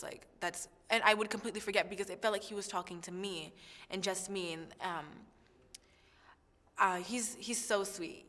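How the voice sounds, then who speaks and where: A young woman, a singing contestant, talking in a chatty, excitable way with lots of fillers in a backstage interview. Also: medium pitch, long reverb tail.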